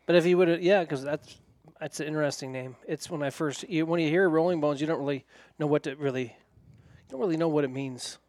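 A man interviewing a guest casually, with quick interjections and jokes. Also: a little high, a little mellow, no room sound.

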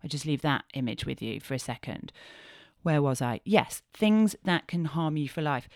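Low-voiced frank sweary woman podcaster. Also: normal speed, dry recording, studio quality. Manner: frank and sweary, swinging from hushed to animated. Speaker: podcast host. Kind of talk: candid podcast monologue.

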